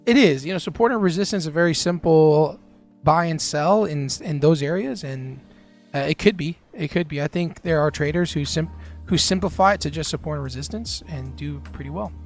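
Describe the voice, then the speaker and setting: Male streamer with a slightly high voice and a loose, filler-heavy chat style. Faint music underneath. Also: a little fast. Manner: relaxed, filler-heavy, chatting with viewers while trading. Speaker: live-stream day trading host. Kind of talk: casual live-stream commentary.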